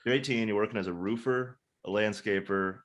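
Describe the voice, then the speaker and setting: Low-voiced man joking along in a chat. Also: fairly bright tone. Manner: quick joking asides, laughs along. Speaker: podcast co-host. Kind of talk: casual chat.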